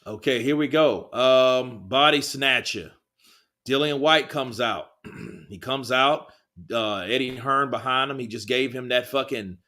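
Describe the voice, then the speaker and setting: A man's voice: medium pitch, a little slow, bright, forceful tone. A man hosting a live boxing stream, reading viewer comments and chatting in a rambling, laid-back way with plenty of swearing. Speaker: livestream host.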